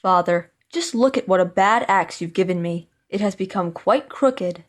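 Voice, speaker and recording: A woman doing a calm young scholar. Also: medium pitch, normal speed, close to an everyday voice. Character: clever young male scholar, calm and sure. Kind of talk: storybook reading.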